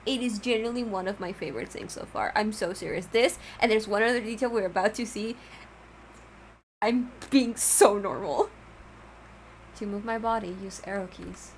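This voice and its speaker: A woman's voice: mid-range voice, fast, few pauses, a little hiss or hum. Giddy, gushing woman streamer. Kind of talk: casual let's-play commentary.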